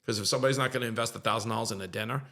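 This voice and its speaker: A man's voice: medium pitch, rapid-fire, creaky, fairly bright tone. A middle-aged man, a podcast guest, tells an emotional story in an earnest, repetitive way and gets choked up at times.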